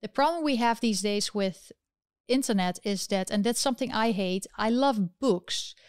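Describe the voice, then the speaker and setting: Female livestream host, impassioned, rhetorical, higher-pitched, dry close sound. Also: moderate pace, clear, resonant tone, no echo. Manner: impassioned, fires rhetorical questions. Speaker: political commentary host. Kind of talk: livestream commentary reading chat.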